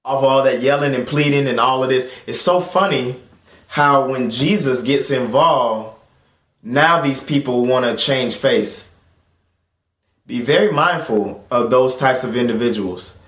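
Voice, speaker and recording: A man hosting his own channel, reading scripture and then preaching in a casual, conversational way, jumping up in pitch when he acts out other voices. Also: a little slow, fairly bright tone, echoey room. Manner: rises in pitch to act out crowd voices; conversational, with fillers and restarts. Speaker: host and preacher.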